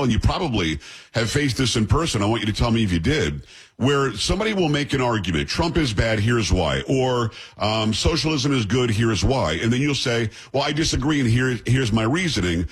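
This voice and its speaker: A middle-aged man hosting a casual interview. His voice is deeply raspy, and his pitch swings up and down as he presses his questions with emphasis. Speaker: host.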